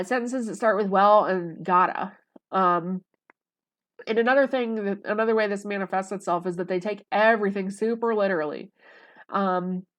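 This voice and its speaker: A woman talking casually to the camera in a rambling, conversational way, full of fillers. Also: medium pitch. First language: English. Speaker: vlogger.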